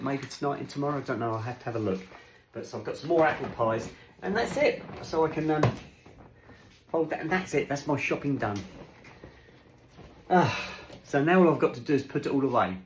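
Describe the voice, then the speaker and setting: A man's voice: medium pitch, reverberant, slight background noise. A man chatting casually on his home vlog as he unpacks groceries in his kitchen, rambling along and talking to his dogs. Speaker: vlogger. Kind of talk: casual chat.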